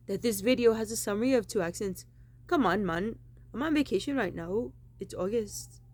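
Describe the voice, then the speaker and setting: A woman's voice: mid-range voice, a little mellow. A woman giving a rambling, insistent monologue, repeating the same phrases emphatically. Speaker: vlogger.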